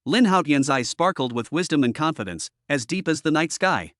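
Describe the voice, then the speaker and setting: Male audiobook narrator, higher pitch, even and steady, dry studio sound. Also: moderate pace, dry recording.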